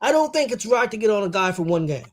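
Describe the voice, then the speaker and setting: A combative man trading jabs on a casual sports talk show. His voice sits high, and he swears freely and laughs often as he argues. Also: very animated, quick pace.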